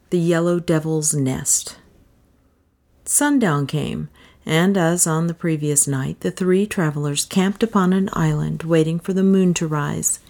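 Low-voiced woman reading a novel aloud. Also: creaky. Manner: measured, steady storytelling. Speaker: audiobook narrator. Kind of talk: scripted narration.

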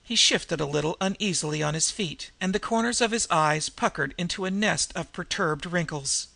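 A man reading a novel aloud as an audiobook narrator, measured, lightly voicing the dialogue. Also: sits high, vocal fry, sharp tone, no echo. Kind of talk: scripted narration.

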